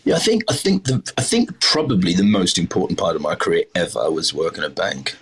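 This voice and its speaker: Australian chef, middle-aged man, deep slightly husky voice, loose rambling anecdotes. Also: sing-song, brisk, a bit bright. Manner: rambling, many fillers and restarts, self-deprecating. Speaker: chef, podcast guest. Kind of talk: casual interview storytelling.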